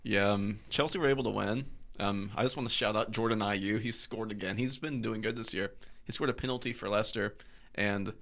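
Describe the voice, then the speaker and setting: A man's voice: on the low side, fairly even intonation, fairly quick, few pauses, a bit bright. A man co-hosting a casual soccer podcast, rambling and hesitant as he talks. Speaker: podcast co-host. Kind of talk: casual sports chat.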